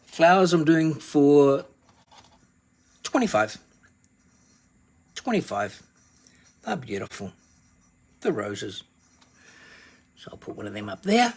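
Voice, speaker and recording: A woman's voice: deep voice, sing-song, takes it slowly, long pauses, a little mellow. A woman chatting casually to viewers while selling crystals on a live stream, calling out to them by name.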